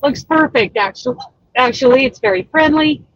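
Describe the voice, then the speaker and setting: A woman hosting a casual livestream chat as a crochet pattern designer, chatty and excitable. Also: sits high, moderate pace, no echo, lo-fi sound. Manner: chatty and excitable, exclaims often.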